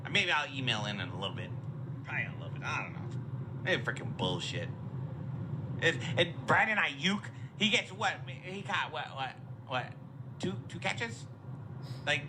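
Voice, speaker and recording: A man's voice: fairly high pitch, noisy background. A man ranting in a recorded fan message, exasperated and repeating himself. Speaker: listener sending voice messages.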